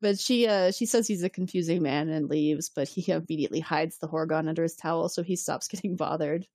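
A woman co-hosting a podcast in casual chat, recapping an episode with lively acted-out lines and frequent laughter. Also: low-pitched, fairly quick, dry recording. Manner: animated, acts out characters' lines, laughs often. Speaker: podcast co-host.

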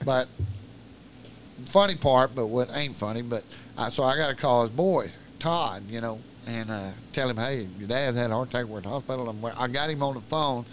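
A man's voice: medium pitch, fairly quick, a little hiss or hum. A man telling a long, profane story in casual podcast talk. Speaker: podcast guest.

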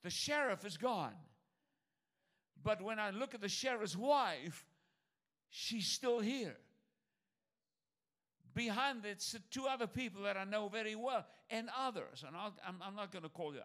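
A man's voice: high-pitched, animated, a little slow, pauses often. A man preaching a sermon, pressing his points with repetition and calling on the church. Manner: emphatic preaching, swings between loud calls and near-muttered asides.

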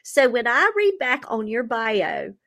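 A woman with a somewhat high voice hosts a casual interview. She is effusive and encouraging, heaping praise on her guest in long, looping sentences. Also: sing-song, measured pace, gravelly, a bit bright. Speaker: interviewer host.

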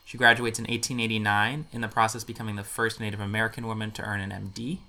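A man hosting a podcast, telling history in casual chat with dry, deadpan jokes. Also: on the low side, fast talker, gravelly. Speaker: podcast host presenting history.

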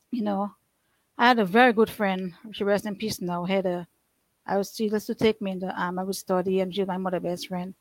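Middle-aged woman, earnest testimony, restarts a lot, mid-pitched voice. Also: no room sound, poor audio. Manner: earnest, rambling, with frequent restarts and nonstandard grammar. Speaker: guest sharing her life story. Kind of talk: emotional personal testimony.

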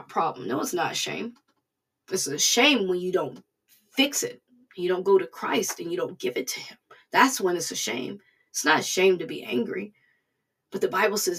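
Gravelly-voiced woman giving an earnest devotional. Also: mid-range voice, very animated, normal speed. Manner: earnest, preaching, drops to a soft hush at times. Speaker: devotional speaker. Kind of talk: informal devotional talk.

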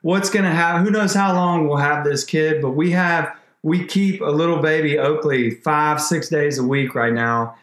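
Animated man in an echoey room. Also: fairly high pitch, moderate pace, hardly any pauses. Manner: animated, rambling, restarts often. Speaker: podcast guest. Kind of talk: emotional faith story in conversation.

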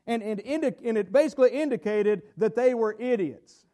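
A Southern American man preaches in a very high voice. His sermon wanders off on folksy asides and then swells into emphatic bursts. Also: a little mellow. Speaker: pastor.

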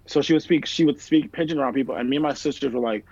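A man's voice: medium pitch, rapid-fire, vocal fry, darkish tone, dry recording. A man in casual chat, telling stories in a rambling way, heavy on fillers and swearing. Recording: dull lo-fi sound, dry room.

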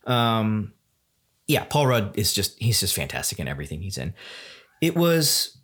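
A man's voice: lowish voice, big pitch swings, normal speed, fairly bright tone. A man hosting a solo podcast at home, rambling enthusiastically with many fillers and restarts. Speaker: podcast host. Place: home room.

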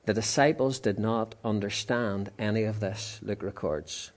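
A man's voice: lowish voice, unhurried. A man preaching a sermon in a chatty, conversational way, with asides to his listeners.

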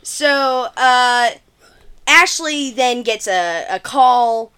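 A woman's voice: fairly high pitch, expressive, extremely slow, bright, forceful tone, smooth. A woman co-hosting a podcast, casually recapping a film's plot in a chatty way with lots of filler words. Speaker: podcast co-host.

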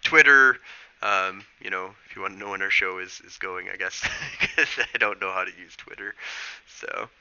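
A man hosting a casual podcast, rambling with many ums and uhs as he gives shout-outs. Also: low voice, normal speed, clean tone, dull audio. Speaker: podcast host.

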